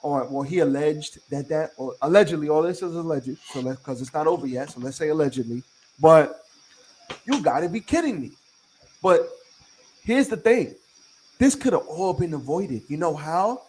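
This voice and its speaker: High-voiced man ranting emphatically. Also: animated, normal speed, a little mellow, slight background noise, poor audio. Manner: emphatic, profane, repeats points for emphasis; lecturing listeners directly. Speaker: podcast host. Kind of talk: casual podcast chat.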